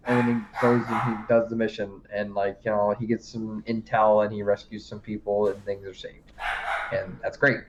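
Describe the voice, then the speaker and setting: A man's voice: fairly low pitch, little pitch movement, moderate pace, highs cut off, noisy background. A man co-hosting a podcast, recapping a TV series in casual, rambling chat, swearing and laughing often. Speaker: podcast co-host.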